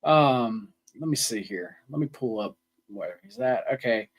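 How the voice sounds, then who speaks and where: Brief: easygoing male co-host, mid-pitch, casual and loose. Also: expressive, measured pace. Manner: casual, rambling, many ums and restarts. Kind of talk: sports betting podcast chat.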